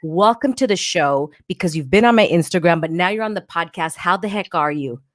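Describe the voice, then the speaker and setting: A woman's voice: lowish voice, fairly quick, no echo, studio quality. A woman hosting a live podcast interview, bubbly and chatty with playful slang. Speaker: podcast host.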